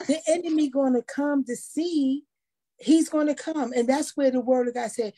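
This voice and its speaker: A woman in a faith discussion who talks in a preachy, animated way and acts out quotes. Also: sits high, normal speed. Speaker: panelist.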